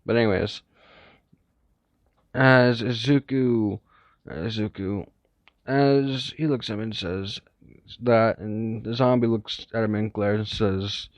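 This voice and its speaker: A man's voice: lowish voice, fairly even intonation, slow pace, long pauses, no room sound. A man casually narrating an improvised fan story, rambling and correcting himself with many asides. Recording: dull, lo-fi, dry recording.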